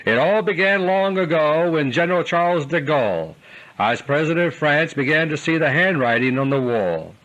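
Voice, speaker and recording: Earnest man reading a lively scripted commentary. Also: on the high side, dull audio. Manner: deliberate, earnest, slowing for emphasis. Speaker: commentator delivering a recorded audio letter. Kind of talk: scripted political commentary monologue.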